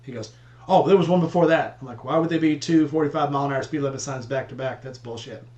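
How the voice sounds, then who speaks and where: A man's voice: mid-range voice, fast, a little mellow, reverberant. A man telling profane, laid-back road stories in casual chat with friends. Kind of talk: casual storytelling among friends.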